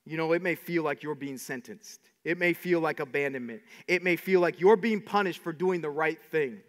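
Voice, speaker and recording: Energetic high-voiced preacher in a hall. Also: male voice, moderate pace. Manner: animated preaching with many repeated words and asides. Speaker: pastor. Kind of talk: sermon.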